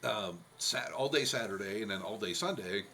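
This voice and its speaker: A man's voice: lowish voice, normal speed, sharp tone, a little hiss or hum. A man co-hosting a podcast, telling jokey stories with frequent laughs and stammered restarts. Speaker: podcast co-host. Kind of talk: casual podcast chat.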